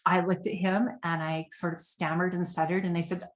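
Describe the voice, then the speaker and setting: A woman's voice: lowish voice, little pitch movement, normal speed, roomy sound. A woman giving a webinar presentation over a computer mic, earnest and conversational with frequent fillers.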